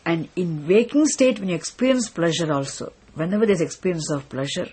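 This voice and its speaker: A teacher giving a philosophy lecture in a deliberate way, often stopping to check that listeners follow. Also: medium pitch, darkish tone, husky. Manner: deliberate, repeatedly checks understanding. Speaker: spiritual teacher.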